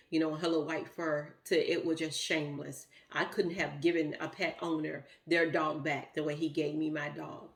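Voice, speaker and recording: A middle-aged woman, telling a heartfelt personal story in a rambling, emotional way with many fillers. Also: deep voice. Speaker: vlogger.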